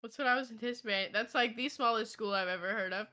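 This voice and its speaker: A bright, quick-questioning young woman. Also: fairly high pitch. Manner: quick questioning, reasons things out aloud. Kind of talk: casual chat.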